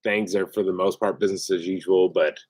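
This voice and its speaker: A man in his thirties co-hosting a homestead livestream, talking in a relaxed, upbeat, chatty way. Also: deep voice, a little fast, dry recording. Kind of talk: casual livestream chat.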